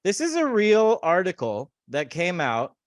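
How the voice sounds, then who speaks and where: A man's voice: sits high, wildly swooping pitch, unhurried, dry recording, studio quality. A man hosting a podcast, reading memes aloud in casual, mocking chat. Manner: sarcastic, mocking. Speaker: podcast host.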